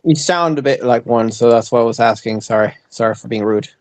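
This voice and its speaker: A man's voice: mid-range voice, a little fast, a little mellow. Hesitant man asking curious questions. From England. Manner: curious, hesitant, says um and yeah. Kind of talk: casual chat.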